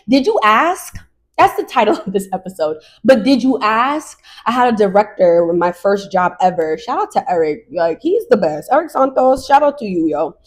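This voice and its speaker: A woman around thirty hosting her own podcast, talking casually and off the cuff in an animated, slangy way with laughs. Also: mid-range voice. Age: 30s. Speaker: podcast host. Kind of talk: casual solo podcast monologue.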